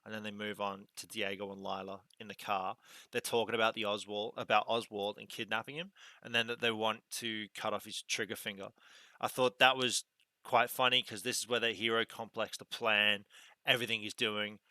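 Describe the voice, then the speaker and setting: Man, lowish forceful voice, rambling TV recap, dry close mic. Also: flat delivery, moderate pace, dry recording. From Australia. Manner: rambling, laughs often, retells scenes. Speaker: podcast guest. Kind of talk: casual episode breakdown chat.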